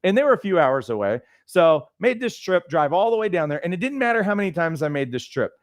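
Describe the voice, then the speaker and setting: Man, life coach teaching, animated storyteller, slightly high pitch, dry close sound. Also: fast, no echo. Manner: conversational, lots of fillers and restarts, animated storytelling. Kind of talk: teaching talk with personal stories.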